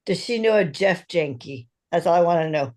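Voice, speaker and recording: A woman joining a group video call to ask a short, halting question. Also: on the low side, lively intonation, darkish tone.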